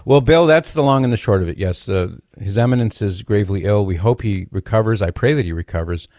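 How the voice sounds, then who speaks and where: Guy hosting call-in radio, low voice, dry close sound, easygoing. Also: expressive, a little mellow, no echo. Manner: measured, conversational, occasional dry jokes. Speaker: radio talk show host.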